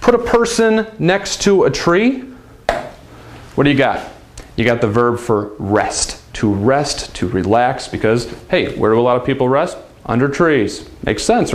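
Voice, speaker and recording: A man giving a casual, upbeat language lesson, chatty and demonstrating sounds with big swings of his voice. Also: medium pitch. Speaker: language teacher.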